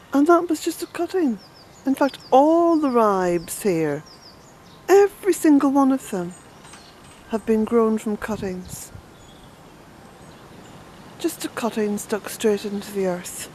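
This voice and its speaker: An Irish woman chatting her way through a garden tour outdoors, fond and unhurried, with bursts of indignation. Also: medium pitch, mellow, slight background noise, rough recording. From Ireland. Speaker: smallholder and author giving a garden tour. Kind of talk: casual walking garden tour.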